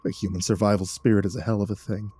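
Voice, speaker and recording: A man narrating a horror story in a measured, somber storytelling manner. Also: lowish voice, level tone, mellow, breathy edge.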